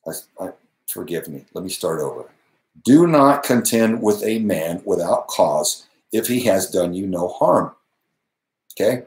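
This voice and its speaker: Earnest low-voiced man in an echoey room. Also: a little mellow. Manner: earnest, emphatic, with short laughs and restarts. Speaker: channel host. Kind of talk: live Q&A monologue.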